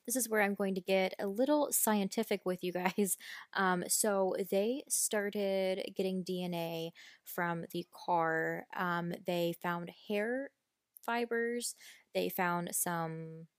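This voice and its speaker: A woman's voice: mid-range voice, takes it slowly, no room sound, clean studio sound. A woman hosting a casual true-crime podcast, telling the story bluntly with swearing and indignant asides. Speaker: podcast host.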